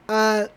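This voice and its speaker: A podcast host casually recapping a cartoon episode, laughing often and adding wry asides about the plot. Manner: animated, laughs often, acts out characters' lines.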